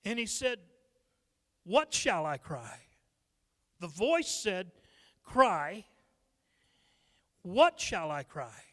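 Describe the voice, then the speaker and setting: A man's voice: high-pitched, very animated, takes it slowly, pauses often, fairly bright tone. A man with a Midwestern American accent, a pastor teaching a Bible study, reading scripture aloud and explaining it with humorous asides. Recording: reverberant church sanctuary.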